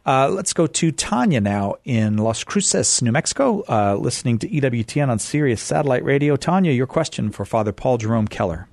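Friendly radio host in a dry studio. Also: male voice, mid-range voice, animated, creaky, a little mellow, dry recording. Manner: friendly, halting with fillers. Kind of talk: hosting a call-in show.

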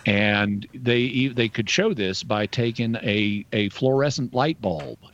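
A man's voice: mid-range voice, unhurried, highs cut off. A man who is a radio show guest, telling a story in a casual way with chuckles and restarts.

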